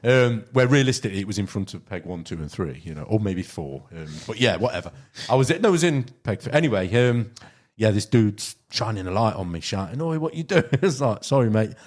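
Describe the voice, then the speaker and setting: A middle-aged man with a Midlands accent and a fairly low voice tells fishing stories on a podcast. He rambles in a relaxed way, with plenty of ums, asides and "you know what I mean". The talk is loose and conversational. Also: a little fast. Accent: English Midlands. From Derbyshire, England. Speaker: podcast guest, carp angler. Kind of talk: casual podcast chat, storytelling.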